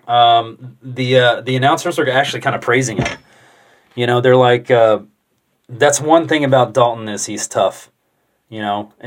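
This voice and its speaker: A young man talking casually to the camera, rambling and thinking out loud with loose swearing. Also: medium pitch. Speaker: vlogger.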